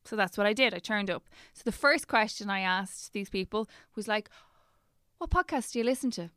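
Woman in her 30s, chatty co-host, smooth clear voice, dry close mic. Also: medium pitch, a little fast, a bit bright, no echo. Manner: chatty storyteller with many restarts. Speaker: podcast co-host. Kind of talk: casual chat.

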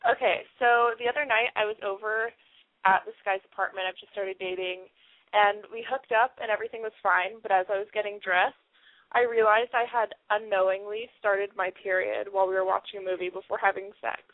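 A woman's voice: mid-range voice, steady tone, a little fast, dry recording. A twenty-year-old woman from New York City calling an advice show, hesitant, embarrassed and polite. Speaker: caller. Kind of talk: phone call to an advice show. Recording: tinny phone line, dry.

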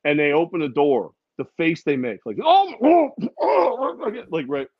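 Man telling funny stories, slightly high voice. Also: brisk, no room sound, highs cut off. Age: adult with a daughter. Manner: animated storytelling with funny put-on voices. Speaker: podcast co-host. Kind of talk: casual chat.

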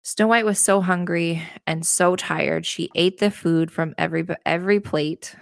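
A woman with a lowish, gravelly voice retells a fairy tale in a loose, chatty way. She breaks in with sarcastic asides. The sound is close and dry. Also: fairly even intonation, moderate pace, no room sound. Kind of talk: casual storytelling with commentary.

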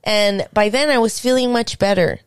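A young woman hosting a podcast, telling a story in casual chat, animated and swearing, acting out what people said. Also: mid-range voice, moderate pace, clean tone, no echo, studio quality. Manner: animated, swearing, acts out quotes. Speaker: podcast host.

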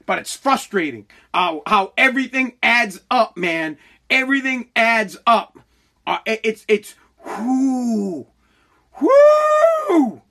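A man's voice: high-pitched, animated, measured pace, sharp tone. A middle-aged man hosting a podcast, venting in a rambling, exasperated way and swearing often. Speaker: podcast host. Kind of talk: casual venting monologue.

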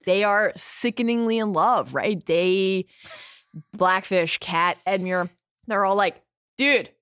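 A woman co-hosting a podcast, chatting casually in a wry, animated way and swearing freely. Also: medium pitch, takes it slowly, smooth, no echo, studio quality. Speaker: podcast co-host. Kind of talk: casual recap chat.

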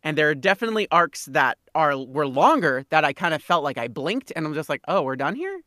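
A woman's voice: low-pitched, expressive, fairly quick, fairly bright tone, no room sound, studio quality. A woman co-hosting a podcast in casual chat, talking emphatically and repeating herself to drive points home. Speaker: podcast co-host.

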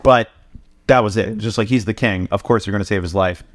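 Low-voiced man telling a story, profane. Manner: loose, profane retelling with quick quoted voices. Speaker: podcast co-host. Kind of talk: casual storytelling among friends.

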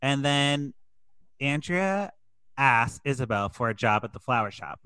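A man's voice: mid-range voice, animated, a little slow, sharp tone, clear, resonant tone, dry recording. A man co-hosting a podcast, retelling a movie plot with sarcastic jokes. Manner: sarcastic, jokey storytelling. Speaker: podcast co-host. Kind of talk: casual movie recap chat.

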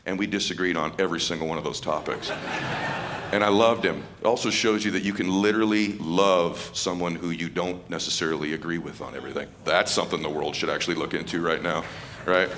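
A middle-aged man giving an emotional stage speech as a motivational speaker, casual and slangy, dropping to a hushed voice in tender moments. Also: sits low, fast talker, a little hiss or hum. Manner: casual and slangy, calling people dude and man. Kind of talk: emotional speech to a live audience. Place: stage at a live event.

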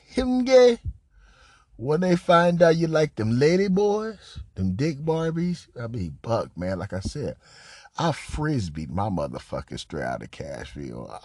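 A man giving casual, profane commentary on a recorded phone call, mocking, repetitive and animated, often laughing and coughing. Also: mid-range voice, husky, dry recording, studio quality. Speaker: commentator reacting to a leaked call.

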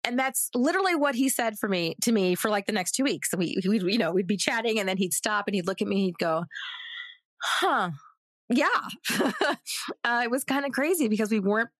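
A woman's voice: a little fast, dry recording. Woman in her 30s telling a story, voice jumps around when she quotes people, dry close sound. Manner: animated, acts out quoted voices with big pitch jumps. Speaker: actress guest. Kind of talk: casual storytelling on a podcast.

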